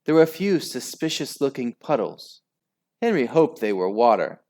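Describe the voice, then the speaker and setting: A man reads a children's storybook aloud at a slow, easy pace. His voice sits in the middle range and he shapes each line expressively for young listeners. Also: medium pitch. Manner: expressive, unhurried. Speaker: storybook reader.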